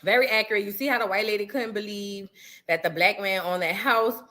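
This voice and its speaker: A woman hosting a casual reaction livestream, rambling in slang, reading chat and shouting out viewers. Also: mid-range voice, fairly even intonation, brisk.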